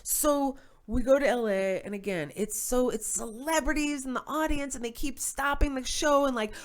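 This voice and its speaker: A woman from New York, a guest comedian, telling stories on a podcast in an animated, profane way. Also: sits high, normal speed. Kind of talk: casual podcast chat.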